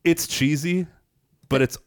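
A man's voice: on the high side, steady tone, measured pace, clean tone, no echo, clean studio sound. A man co-hosting a horror movie podcast, chatting casually, rambling and swearing freely as he loses his train of thought. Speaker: podcast co-host. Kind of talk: casual movie-review chat.

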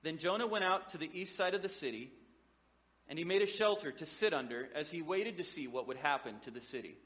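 A man's voice: fairly high pitch, animated, a little fast, a bit bright, big-room sound. A man preaching a sermon as pastor, in a conversational, joking manner with frequent restarts.

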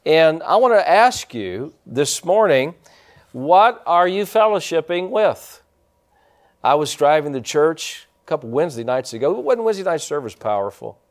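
A male pastor preaches to a congregation in a church sanctuary, his pitch sitting a little high for a man and swinging in lively, animated arcs. He keeps drifting into folksy asides and addressing people in the pews. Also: moderate pace, hardly any pauses. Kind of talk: sermon.

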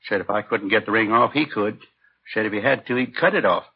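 A weary, injured tavern owner in pain, talking in a plain, tired way with a lowish voice. It sounds dull and muffled, with a faint hiss in the background. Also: male voice, a little fast, vocal fry. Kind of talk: 1950s radio drama acting. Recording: muffled old radio broadcast with faint hiss.

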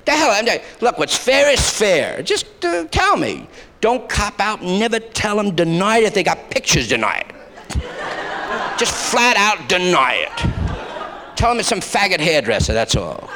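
A male comedian spins a profane, rambling stand-up routine, dipping in and out of character voices. His voice sits high and swings widely in pitch. The archival live recording has long reverb and a faint hiss. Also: huge pitch swings, normal speed.

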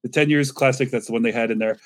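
A man's voice: mid-range voice, steady tone, very fast. A man co-hosting a podcast, bantering in a friendly, enthusiastic way. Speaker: podcast co-host. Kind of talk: casual podcast chat.

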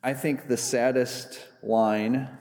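A man's voice: medium pitch, steady tone, slow, darkish tone. A man preaching a sermon as a pastor, retelling a Bible story in a conversational, humorous way. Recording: echoey hall with long reverb.

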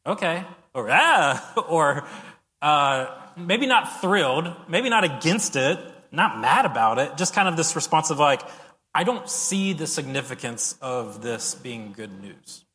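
A man delivers a sermon in a casual, story-driven way. His voice is bright and forceful. It rings with the long reverb of a large hall. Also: medium pitch. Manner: conversational, animated storytelling with acted-out reactions. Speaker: pastor. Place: church sanctuary.

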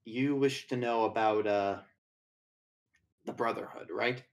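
A calm, secretive contact, which a man voices in a tabletop game, speaks quietly and in a conspiratorial tone. There is little change from his own voice. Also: fairly low pitch, takes it slowly.

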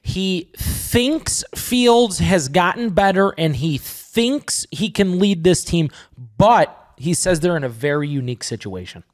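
A man's voice: high voice, animated, a little slow. Emphatic man in sports podcast banter. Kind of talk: casual sports chat.

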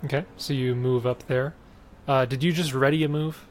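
A man's voice: mid-range voice, fairly even intonation, moderate pace, slight background noise. Matter-of-fact man running a game. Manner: matter-of-fact, explains rules. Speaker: game master. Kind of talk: narrating a tabletop game.

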